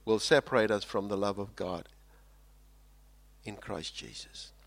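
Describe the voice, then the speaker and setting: A South African man delivers a sermon at an unhurried pace, moving between loud, emphatic lines and quiet, low ones, and he repeats phrases to give them weight.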